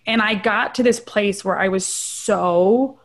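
Speaking at medium pitch, a middle-aged woman who studies trauma opens up about her own life in an interview. She often tosses in a brief "right?" to check in.

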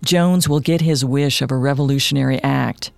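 A man narrating a scripted true-crime story in a measured, matter-of-fact way. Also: mid-range voice, fairly even intonation, creaky, no echo, soft background music. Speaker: podcast narrator.

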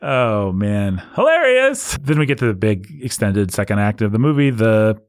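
A man's voice: lowish voice, moderate pace, a little mellow, no echo, studio quality. A man co-hosting a casual movie discussion, wry and sarcastic, often laughing as he talks. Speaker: podcast co-host.

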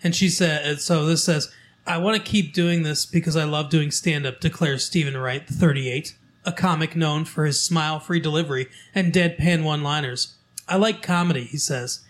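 A man hosting a local show, reading from a newspaper in casual chat, halting with fillers and restarts as he goes. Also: on the high side, a bit bright.

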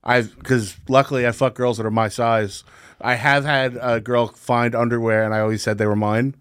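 A man's voice: medium pitch, little pitch movement, moderate pace, a bit bright, smooth. A man co-hosting a comedy podcast, telling blunt, crude anecdotes in casual chat. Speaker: podcast co-host.

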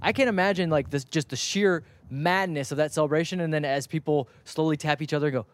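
A young man hosting a casual soccer talk show, telling stories quickly and acting out what others said. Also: fairly high pitch. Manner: animated, quick storytelling with acted-out quotes. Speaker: soccer podcast host. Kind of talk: casual sports chat.

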